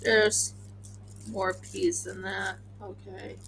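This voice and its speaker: A tired woman hosting a crafting livestream, chatting casually and excitably, often talking to herself as she works. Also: fairly high pitch, very slow, vocal fry, slight background noise, low-quality recording. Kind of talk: casual chat while crafting.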